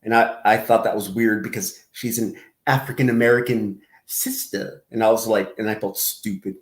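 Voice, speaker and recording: A man's voice: lowish voice, fairly even intonation, normal speed, echoey room. A man hosting casual commentary, rambling and self-deprecating, laughing often as he tells stories. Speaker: commentary channel host.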